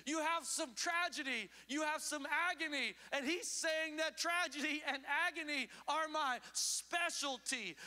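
A man preaching a sermon as pastor, emphatic, swinging between loud urgent calls and low hushed asides. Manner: emphatic preaching with sweeping pitch swings and acted quotes. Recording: long hall reverb.

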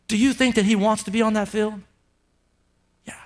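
High, bright-voiced emphatic preacher man. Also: fairly even intonation, normal speed, pauses often. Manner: emphatic, with many rhetorical questions to the congregation. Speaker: pastor. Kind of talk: sermon.

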